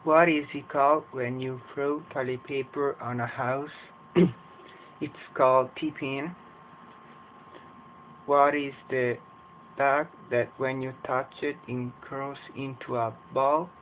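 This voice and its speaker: Slow, careful Canadian man. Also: medium pitch, steady tone. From Edmonton, Canada. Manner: slow, careful word-by-word reading. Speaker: English teacher. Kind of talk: reading a word list for an accent challenge. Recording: tinny, phone-like home recording with faint hiss.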